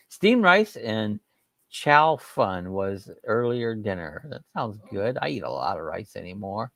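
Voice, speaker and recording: A man's voice: fairly low pitch, sing-song, measured pace, fairly bright tone, no echo, clean studio sound. A middle-aged man hosting a casual livestream chat, reading out viewer comments in a folksy, rambling way with a loose, chuckling delivery. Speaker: livestream host.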